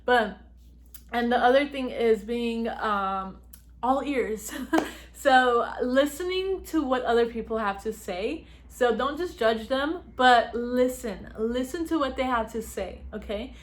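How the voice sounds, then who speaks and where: A young woman vlogging at home, giving chatty advice to the camera, laughing often and talking fast. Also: fairly high pitch. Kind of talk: casual talk to camera.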